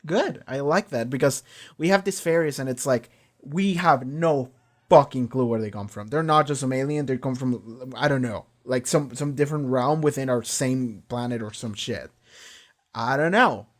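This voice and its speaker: Young dude ranting about an episode, lots of likes and repeats, swears constantly. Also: male voice, mid-range voice, normal speed. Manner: rambling, profane, lots of fillers and repeats. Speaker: reaction video host. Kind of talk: casual spoken review after watching an episode.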